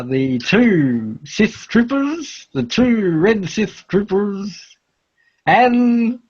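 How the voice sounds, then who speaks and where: A man's voice: fairly high pitch, darkish tone, muffled recording, slight background noise. A man with an Australian accent doing rambling, laugh-filled casual commentary on a live stream. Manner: rambling, laughs often, restarts.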